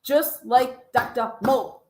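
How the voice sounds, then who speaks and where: Brief: high-pitched female host, scornful swearing commentary, roomy echo. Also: takes it slowly, warm tone. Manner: mocking, swearing, laughing, incredulous. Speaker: podcast host reacting to a clip. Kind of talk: profane reaction commentary.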